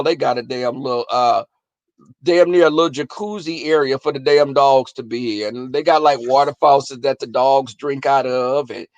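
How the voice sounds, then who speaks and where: A young adult man chatting casually and profanely to viewers in a livestream, telling animated stories. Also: fairly high pitch, dry recording. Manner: profane, animated storytelling, talks to viewers as y'all. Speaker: livestream host.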